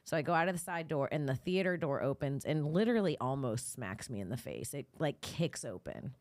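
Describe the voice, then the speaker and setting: A woman's voice: rumbling low, animated, a little fast, darkish tone. A young adult woman comedian telling a heated, foul-mouthed story on a podcast, often laughing. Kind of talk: animated storytelling. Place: podcast studio.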